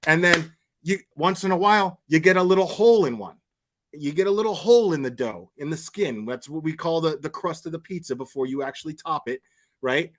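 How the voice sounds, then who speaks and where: A man doing casual live commentary, telling profane, animated anecdotes and laughing often. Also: a little high, brisk. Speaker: commentary streamer.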